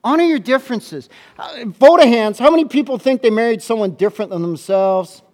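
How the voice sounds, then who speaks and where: A man preaching a sermon as a pastor to a congregation in church, animated and playful, often stumbling into quick restarts. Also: extremely high pitch.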